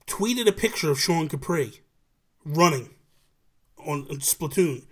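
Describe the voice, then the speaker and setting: Male show host with a higher voice, chatty and animated, acts out quotes, on a video call. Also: a little slow. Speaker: podcast host. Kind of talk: casual livestream chat.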